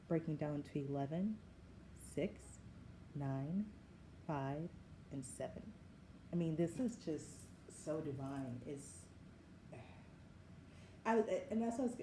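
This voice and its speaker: A Southern United States woman in her 40s gives a spiritual tarot reading, her deep voice warm as she muses effusively and often calls things wild. The recording comes from an echoey room with background noise.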